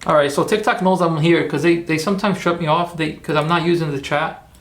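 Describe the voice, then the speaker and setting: A man's voice: fairly high pitch, fairly quick, a bit bright. A man hosting a casual livestream, chatty and rambling as he talks viewers through his steps and cheers them on. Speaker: livestream host.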